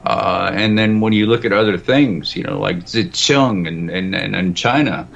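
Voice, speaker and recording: A man's voice: lowish voice, moderate pace, creaky. A man talking as a guest in a roundtable discussion, rambling and philosophical, with lots of restarts. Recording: muffled lo-fi audio with faint hiss.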